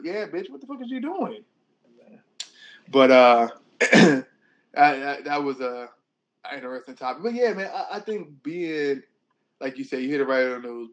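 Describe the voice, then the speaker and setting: A man's voice: medium pitch, lo-fi sound. A young man hosting a podcast, joking crudely and mocking people in quoted voices. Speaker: podcast host. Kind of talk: casual chat.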